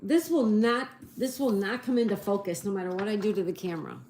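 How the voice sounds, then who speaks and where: Woman, gravelly voice, casual livestream host, reads comments aloud, phone mic, faint background noise. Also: mid-range voice, a little fast, warm tone. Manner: chatty, reads viewer comments aloud and spells answers letter by letter.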